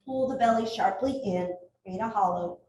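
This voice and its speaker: A woman yoga instructor talks a class through breathing and poses in a calm, steady voice, now and then laughing at her own asides. She sounds set back from the mic in a roomy studio with reverb. A faint hum of ambience sits underneath. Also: mid-range voice, moderate pace. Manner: calm cueing with light self-laughing asides. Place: athletic club studio. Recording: roomy echo from far off, faint ambient noise.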